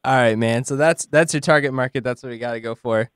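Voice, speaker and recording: A man's voice: mid-range voice, fast, clean tone, no echo, studio quality. A young man hosting a show, chatting casually in a giggly, enthusiastic way. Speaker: podcast host. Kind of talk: casual chat.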